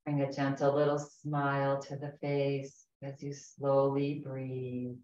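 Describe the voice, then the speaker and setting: Low-voiced woman guiding chair yoga. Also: slight background noise. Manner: calm, gentle, slow breathing cues. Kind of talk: guided yoga class instruction. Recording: echoey, distant, dull room recording.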